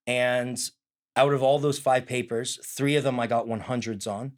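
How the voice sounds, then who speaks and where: A man's voice: medium pitch, moderate pace. A young man, a student, giving an earnest personal testimony in a conversation. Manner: earnest, storytelling with quoted prayers.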